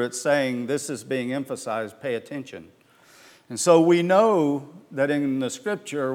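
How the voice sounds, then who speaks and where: A man's voice: medium pitch, long reverb tail. A man preaching a sermon as pastor, earnest and emphatic, often restarting his words.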